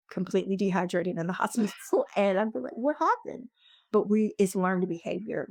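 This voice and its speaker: A woman's voice: fairly low pitch, a little mellow, no room sound, clean studio sound. Earnest woman coach chatting reflectively. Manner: earnest, reflective, quotes herself often. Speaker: guest coach. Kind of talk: casual podcast conversation.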